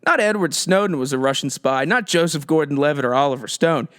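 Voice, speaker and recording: Sarcastic, profane man with higher pitch. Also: a little fast, a bit bright, no echo, studio quality. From United States. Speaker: podcast host. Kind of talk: comedic political rant.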